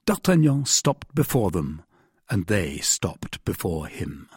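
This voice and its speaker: A man narrating a classic novel in an expressive, dramatic reading. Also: low voice, takes it slowly, slightly rough, no room sound, studio quality. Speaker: audiobook narrator.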